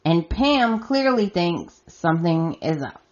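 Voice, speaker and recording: Woman, podcast host, casual recap, exasperated, slow delivery, muffled lo-fi audio. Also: lowish voice, very animated. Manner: chatty and exasperated, acting out her reactions. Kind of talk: casual recap of a soap opera.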